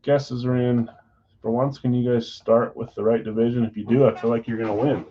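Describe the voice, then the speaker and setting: A man's voice: medium pitch, little pitch movement, highs cut off, slight background noise. Chatty man hosting a live card break. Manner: chatty, reads out names and teams in quick lists.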